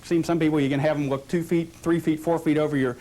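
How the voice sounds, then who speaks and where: A man's voice: on the high side, fairly even intonation, fast, dark tone. A man teaching a portrait photography lesson, asking questions and answering them, coaching a model through poses. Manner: explains with rhetorical questions, coaching a posing model. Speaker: photography instructor. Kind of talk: instructional demonstration.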